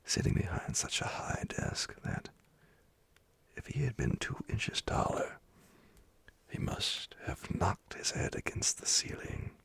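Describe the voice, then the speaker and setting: A man reading a classic tale aloud as a slow, whispered bedtime story in a whispered role-play. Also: fairly bright tone.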